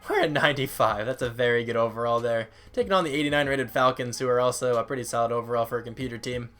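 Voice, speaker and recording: Sleepy young guy rambling thru football game stats, voice cracks now n then, mid pitch. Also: quick pace, fairly bright tone. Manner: rambling, self-deprecating, reads out stats. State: tired, voice cracking. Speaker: gaming YouTuber. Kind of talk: casual gameplay commentary.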